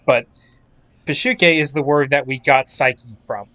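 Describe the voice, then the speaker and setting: A man's voice: medium pitch, measured pace, fairly bright tone, no echo. Wry man hosting, dry sound. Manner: explanatory, wry. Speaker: podcast host. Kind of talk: casual podcast chat.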